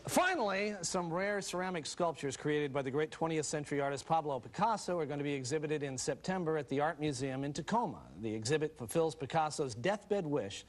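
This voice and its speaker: Deadpan man reading joke news. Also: on the high side, brisk, few pauses. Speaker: news-parody anchor. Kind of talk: comedy sketch news reading. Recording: noisy TV studio with audience. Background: studio audience.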